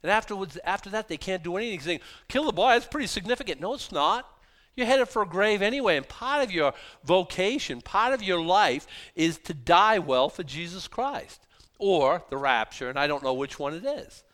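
A pastor preaches with a fairly high man's voice. He swings between loud, emphatic bursts and low, quiet asides, talking in a loose, conversational sermon style. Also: moderate pace. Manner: animated, rising to emphatic shouted bursts and dropping to quiet asides.

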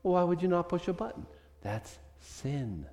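A pastor preaching a casual, conversational sermon, full of rhetorical questions. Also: male voice, sits high, very animated, moderate pace, warm tone, big-room sound.

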